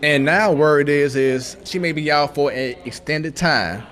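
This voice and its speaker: A man's voice: a little high, a little slow, a bit bright. A man co-hosting a sports talk show, steering the segments in a loose, casual way.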